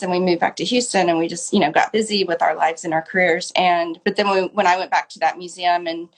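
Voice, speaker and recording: A woman in her forties, a novelist guest on a live video call, earnestly recounting a story with frequent "like" fillers. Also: lowish voice. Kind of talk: conversational storytelling. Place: home, video call on social live stream. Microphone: video call mic.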